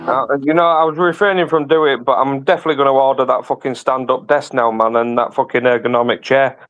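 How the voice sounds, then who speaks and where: A man's voice: medium pitch, fairly even intonation, quick pace, fairly bright tone, dull audio. A man in a casual live chat who jokes around and swears. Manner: jokey, swears.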